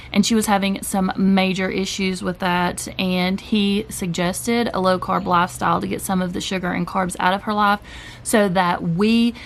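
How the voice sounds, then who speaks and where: A woman's voice: mid-range voice, vocal fry, slight background noise. A woman in her forties talking candidly and heartfelt to her viewers in a personal vlog, direct and openly emotional at times, later cooking in her home kitchen. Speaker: keto vlogger.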